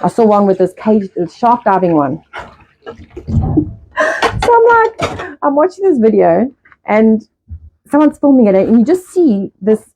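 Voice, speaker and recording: A middle-aged woman hosting a casual live stream, talking fast in a rambling way and swearing often. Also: fairly high pitch, very animated, mellow, a little hiss or hum. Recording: dull lo-fi live-stream audio.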